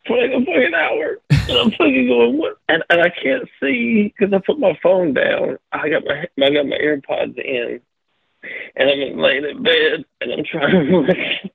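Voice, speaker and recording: Guy calling in laughing his head off, rough gravelly voice, pitch all over the place, muffled phone sound. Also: animated, normal speed, no echo. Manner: laughing constantly, profane and rambling. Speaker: caller. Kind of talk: casual phone call-in chat.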